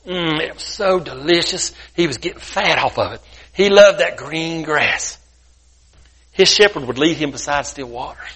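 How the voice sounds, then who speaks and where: Telling a sermon story as a guest preacher, a man uses a folksy, colloquial style. His slightly high, somewhat rough voice comes across bright and forceful at a moderate pace.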